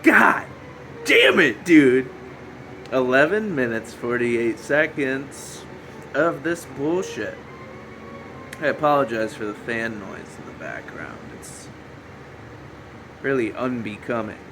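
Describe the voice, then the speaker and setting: On a solo podcast, a man rambles and cracks jokes at his own expense while a fan hums faintly in the room. His medium-pitched voice is animated and slow, with long pauses. He's goofy and self-mocking, now and then breaking into shouty bits.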